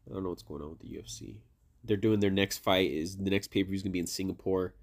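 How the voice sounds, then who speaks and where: A man's voice: low-pitched, fast, gravelly. A man co-hosting a podcast, chatting casually about fights, swearing often and trailing off with "I don't know.". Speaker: podcast co-host. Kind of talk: casual chat.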